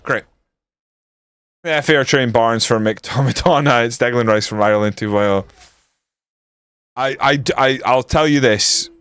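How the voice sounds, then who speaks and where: A man's voice: on the low side, a bit bright, smooth, no echo. Sweary Scottish man, dry close sound. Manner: blunt, sweary, joking. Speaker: streamer. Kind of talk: casual gameplay commentary.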